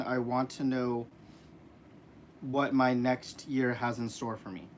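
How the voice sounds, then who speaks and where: A woman's voice: extremely low pitch, steady tone, slow. A woman co-hosting a live stream, playfully reading out viewer names and questions. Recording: faint background noise.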